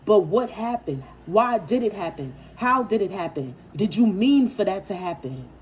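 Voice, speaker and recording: A woman's voice: mid-range voice, animated, moderate pace, slight background noise. A woman giving a casual spiritual tarot reading, speaking with emphatic, preachy force, blunt and profane, repeating phrases for effect. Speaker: tarot reader.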